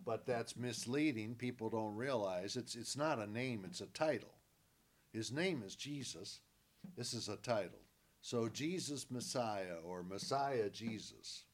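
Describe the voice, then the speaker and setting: A man's voice: medium pitch, a little slow. A man teaching from the Bible, stressing key words by repeating them and answering his own questions.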